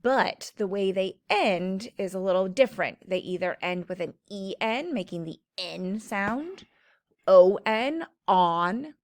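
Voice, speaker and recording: A woman teacher giving a slow, clear phonics lesson to children, stretching out the sounds of words. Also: medium pitch, dry recording, clean studio sound.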